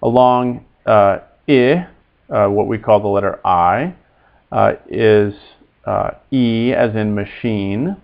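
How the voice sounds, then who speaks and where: Slow, gravelly male Latin teacher. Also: fairly low pitch, dull audio. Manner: slow, halting delivery with frequent "uh" fillers, repeating words for students to echo. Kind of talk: recorded Latin pronunciation lesson.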